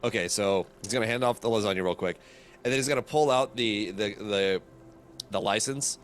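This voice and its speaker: Hesitant low-voiced player. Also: male voice, fairly quick, a little hiss or hum. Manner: hesitant, stumbling over his words. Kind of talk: tabletop role-play.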